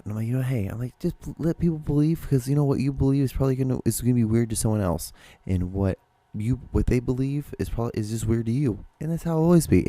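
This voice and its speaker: A man's voice: mid-range voice, dark tone, dry recording. A man hosting his own solo podcast, rambling casually with many restarts and the odd curse word. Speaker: podcast host.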